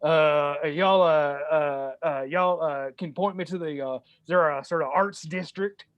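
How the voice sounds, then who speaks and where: A slow, easygoing reptilian drifter with a loose drawl, as a man puts him on. He chats lazily in a tabletop game, with a slightly high voice. The sound is dry and close. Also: no room sound, muffled recording, lightly acted. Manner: easygoing Southern-style drawl, says y'all. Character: laid-back drawling reptilian wanderer, chewing jerky.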